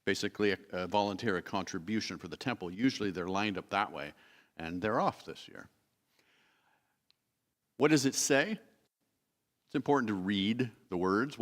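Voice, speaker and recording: A man teaching a Bible study sermon in a church, explaining patiently, reading verses aloud and correcting himself as he goes. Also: on the low side. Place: church sanctuary. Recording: long hall reverb.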